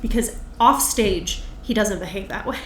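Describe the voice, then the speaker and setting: A woman stand-up comic chats as a podcast guest in a lively, animated way, at times acting out other comics' rhythms. Her voice has a middling pitch and sits in a roomy space with a faint hiss behind it. The talk is loose and conversational. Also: normal speed. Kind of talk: casual conversation.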